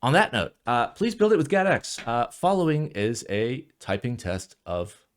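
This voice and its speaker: A young man ranting casually in a vlog about keyboards, profane and rambling, swinging from low mutters to loud outbursts, sounding jet lagged. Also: expressive, moderate pace. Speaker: keyboard reviewer.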